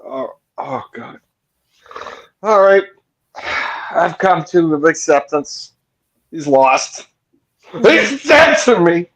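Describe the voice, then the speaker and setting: Man, husky and slow, animated pitch, playful podcast co-host. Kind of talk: casual chat.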